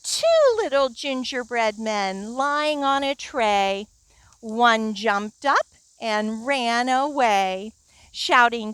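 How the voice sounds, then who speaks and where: Librarian lady doing storytime in a garden, slow singsongy voice, crickets behind. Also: on the high side, animated, fairly bright tone, clean tone. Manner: slow, sing-song reading with rhymes for kids. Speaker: children's librarian. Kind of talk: children's storytime reading.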